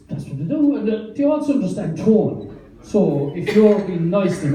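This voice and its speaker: A man's voice: sits high, expressive, normal speed, dark tone. Irish man rambling at a bar open mic. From Ireland. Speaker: stand-up comedian. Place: small wine bar open mic night. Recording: roomy, distant bar recording.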